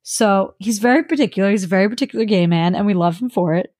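A woman co-hosting a podcast, telling stories in a relaxed, casual way. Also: medium pitch, fast talker, no echo, studio quality. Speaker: podcast co-host. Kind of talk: casual chat.

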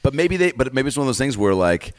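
A man co-hosting a podcast, chatting casually and throwing in jokes and quick interjections. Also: medium pitch, sing-song. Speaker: podcast host.

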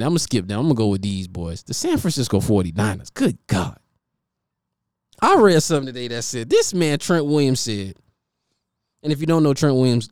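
A man's voice: medium pitch, no room sound, studio quality. A man hosting a casual football commentary monologue, teasing rival fans with profane trash talk. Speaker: sports commentator host.

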